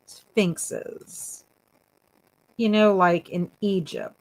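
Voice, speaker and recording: A woman's voice: fairly low pitch, lively intonation, unhurried, gravelly. A woman hosting a casual livestream, giggling often as she reads viewer comments aloud and teases her chat. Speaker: booktube livestream host.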